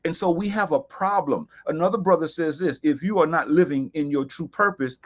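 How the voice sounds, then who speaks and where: A man's voice: fairly high pitch, fairly quick. A man hosting a talk broadcast, speaking emphatically in a preaching style, quoting sayings and repeating phrases for stress. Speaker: host.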